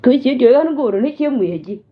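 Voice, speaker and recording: A woman from South Sudan delivers a scolding warning straight to camera, switching between languages as she lectures. Her voice sits fairly high, and the sound is tinny and narrow, like a phone line. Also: expressive, brisk. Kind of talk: direct-to-camera rant.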